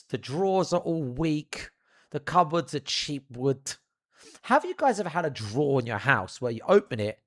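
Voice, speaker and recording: A young man telling a funny childhood anecdote in an animated, profane, theatrical way. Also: fairly high pitch. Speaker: storyteller. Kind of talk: comedic anecdote.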